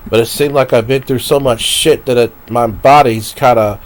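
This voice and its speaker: Man, live streamer, rambling, profane, venting, emotional, medium pitch. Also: fairly even intonation, normal speed.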